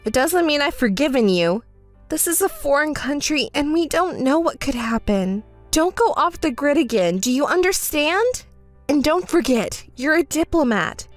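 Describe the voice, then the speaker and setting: A woman's voice: sits high, sing-song, moderate pace, no echo, soft background music. A woman voicing an exasperated young bride. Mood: stern. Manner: exasperated, scolding. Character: young bride, hurt and indignant wife. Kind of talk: text-message story narration.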